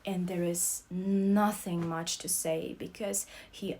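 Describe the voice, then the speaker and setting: Slow, expressive young woman reading. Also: fairly low pitch, slight background noise. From Russia. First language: Russian. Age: young adult. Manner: expressive, swings between loud outbursts and soft whispers. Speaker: student reader. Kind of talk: dramatic reading of a novel excerpt.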